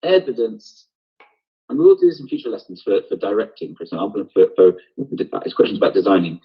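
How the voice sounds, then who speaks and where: A man teaches drama over a live stream from home, thinking aloud as he walks through each step. His voice sits low and a little husky, picked up by a computer mic. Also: huge pitch swings, a little fast, highs cut off. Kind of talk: online lesson. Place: home, on a video broadcast.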